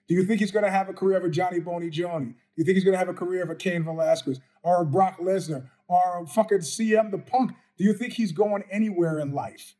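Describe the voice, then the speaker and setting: A man's voice: sits high, warm tone. A middle-aged man hosting a mailbag show, answering viewer questions in a blunt, profane, combative monologue. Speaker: podcast host.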